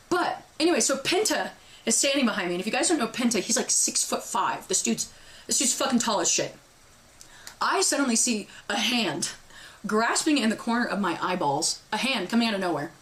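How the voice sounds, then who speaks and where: A young woman streamer telling her chat a story in a loud, profane way, reenacting her own screaming. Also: a little high.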